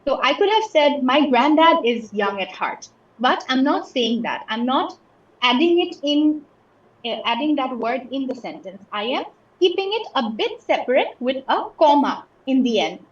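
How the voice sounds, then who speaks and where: A woman from Bangladesh teaches an English lesson, working through example after example and checking that students understand. Her voice sits a little high. The audio is somewhat dull and echoey, like an online class. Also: sing-song, moderate pace. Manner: patient, explains with many examples and checks understanding.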